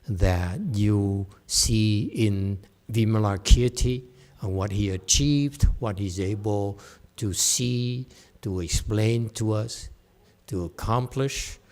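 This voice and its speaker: A man's voice: fairly low pitch, darkish tone. A middle-aged man, a Buddhist teacher, giving a chatty dharma lecture with digressive asides and frequent laughs. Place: temple hall.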